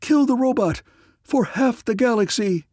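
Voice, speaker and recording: A man's voice: very high voice, animated, unhurried, a little mellow, no echo, clean studio sound, voice pushed up, exaggerated voice. A man doing a shrieking, terrified emperor. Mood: panicked. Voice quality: thin, shrieking, breathless. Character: terrified slender young male emperor, cowardly. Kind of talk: audiobook character reading.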